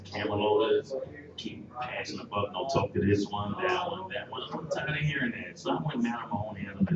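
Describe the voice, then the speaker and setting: A man's voice: on the low side, brisk. A man telling his story in a casual, emphatic, rambling way, full of determination. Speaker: guest. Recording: echoey, distant, dull live stream with loud crowd.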